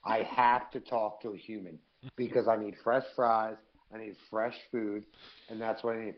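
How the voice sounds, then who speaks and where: A man co-hosting a live podcast, telling profane, animated stories in casual chat. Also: on the low side, normal speed, muffled recording. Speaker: podcast co-host.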